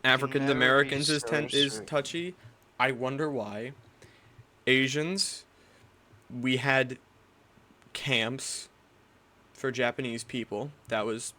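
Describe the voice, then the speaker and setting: A man's voice: medium pitch, pushed and bright. A young man hosting a podcast, chatting casually with crude, rambling, self-correcting talk. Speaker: podcast host.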